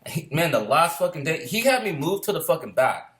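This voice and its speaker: Fast-talking man telling rough stories. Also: on the high side, big pitch swings, fairly bright tone. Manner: rambling, laughs between lines, swears a lot. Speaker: storyteller recalling boot camp. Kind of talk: casual profane storytelling.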